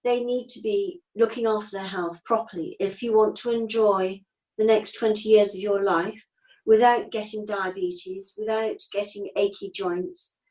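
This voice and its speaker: A woman's voice: medium pitch, darkish tone, low-quality recording. A woman in her fifties, a straight-talking acupuncturist chatting as a guest in an interview, explaining things with homely everyday comparisons. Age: 50s. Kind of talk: casual interview chat.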